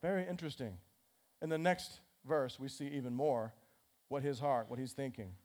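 A male pastor preaching a sermon in a lively, conversational way, often acting out the characters. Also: mid-range voice, normal speed. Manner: animated, conversational, acts out scripture characters.

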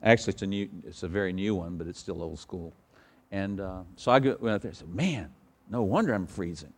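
A middle-aged pastor preaching a sermon, asking the congregation rhetorical questions and swinging from loud emphatic outbursts to quiet storytelling. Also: male voice, fast talker. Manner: preaching with sudden loud high bursts, then quiet anecdotes.

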